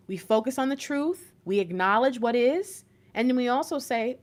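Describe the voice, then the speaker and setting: A woman's voice: high voice, expressive, moderate pace, hardly any pauses. A woman hosting a live stream as an intuitive reader, giving viewers a blunt, slangy pep talk with bursts of laughter.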